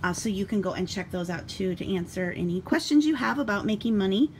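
A woman's voice: medium pitch, fast talker, darkish tone, slight background noise. Chatty woman vlogging from her basement. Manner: chatty, rambling, with fillers. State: out of breath. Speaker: vlogger and eBay reseller. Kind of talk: casual vlog chat. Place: home basement.

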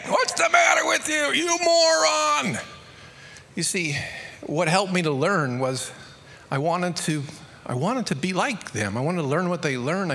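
Australian male pastor, bright sharp tone, reverberant church hall, storytelling sermon. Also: mid-range voice, slight background noise. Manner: conversational, storytelling, quickening to emphatic peaks.

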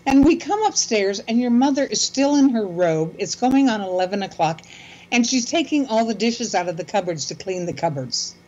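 An older woman speaks calmly and steadily, shaping her sentences with care. Her voice comes through dull and muffled, as if from a low-grade line. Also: normal speed. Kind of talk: casual conversation.

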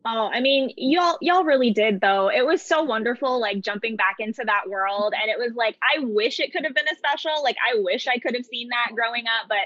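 A woman hosting a video chat interview, bubbly and quick to laugh. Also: a little high, fairly bright tone, dry recording, lo-fi sound. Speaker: interview host.

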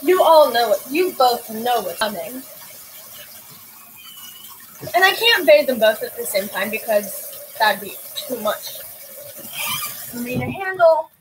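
Slow-talking high-voiced teen girl vlogger. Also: sing-song, slight background noise, rough recording. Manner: rambling, self-mocking, talks to her kittens. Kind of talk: casual vlog chat. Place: home, bathing kittens.

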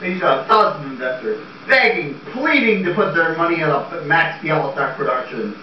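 An actor playing a blustering, desperate middle-aged theater producer in an amateur comedy sketch, bombastic and prone to shouting. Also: male voice, a little high, expressive, normal speed, a little hiss or hum, lightly acted. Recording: echoey, distant, dull lo-fi tape.

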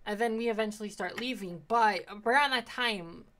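A young woman casually recapping her tabletop game sessions, rambling and swearing freely as she acts out quick quotes. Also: on the high side, a bit bright. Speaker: player recapping a tabletop campaign.

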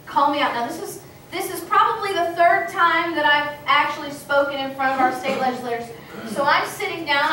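Bright animated woman speaking in an echoey hall. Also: high voice. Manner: animated, acts out quoted exchanges. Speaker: speaker at a political meeting. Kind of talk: storytelling speech to an audience. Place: meeting hall, indoors. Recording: echoey hall from far off with faint room noise.

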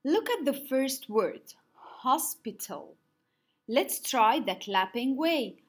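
Woman teacher, slow and husky, lively pitch, drawing out words in a lesson. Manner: slow, drawn-out words for clapping syllables; some slips and restarts. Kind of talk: online class lesson.

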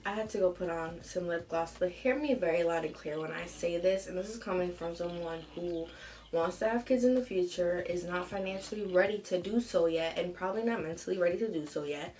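A young woman hosting an advice show, reading a submitted story aloud and reacting to it with animated, profane commentary. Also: lowish voice, brisk, low-quality recording. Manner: animated, swears freely, reacts loudly between read passages.

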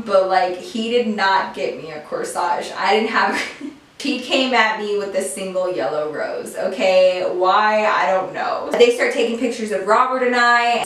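A young woman telling a story in casual chat, animated and peppered with "like". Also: mid-range voice. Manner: chatty, animated, heavy use of "like". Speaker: beauty vlogger telling a story. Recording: echoey room, mic far off.

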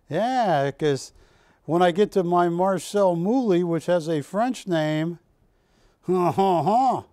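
A male shopping channel host presents art on a live shopping broadcast, chatty and enthusiastic, sharing anecdotes about the pieces. His voice sits high and mellow. The recording is dry and of studio quality.

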